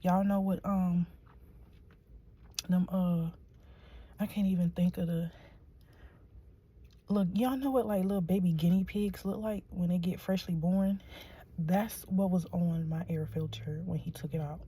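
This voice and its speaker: A woman tells a rambling story to her viewers from her car, dropping to a hush and then rising to loud, excited disbelief. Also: on the low side, breathy edge. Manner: excitable, rambling, quick to swing between hushed and loud. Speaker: vlogger. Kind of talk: casual storytelling to camera. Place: in a car at a shop, then parked.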